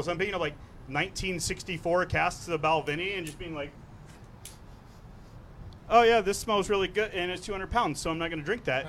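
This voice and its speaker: Man, high-pitched, animated storyteller, casual talk show, faint background noise. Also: brisk, long pauses, poor audio. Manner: animated anecdote teller, quotes people in voices. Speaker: guest. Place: studio with several guests.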